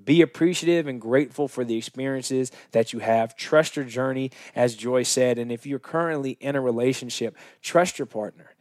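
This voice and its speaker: Podcast guy, earnest and encouraging, mid pitch, dry close sound, faint music behind. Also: normal speed, few pauses, a little mellow, no room sound. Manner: earnest, encouraging, sign-off style. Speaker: podcast co-host. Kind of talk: casual podcast chat.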